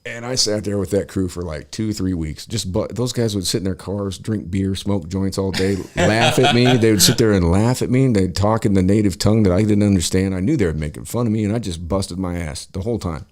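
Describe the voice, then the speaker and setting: Casting note: low-voiced male podcast host, salty, animated storyteller, relaxed chat. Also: a little fast, hardly any pauses. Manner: profane, animated, acts out quoted people.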